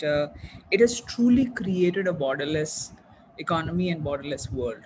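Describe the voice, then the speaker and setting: A middle-aged woman speaks as a guest on a video call. She talks earnestly, pausing often with fillers and restarting her sentences. A faint hiss sits behind her voice. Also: on the low side, a little mellow, poor audio. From India. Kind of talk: webinar talk.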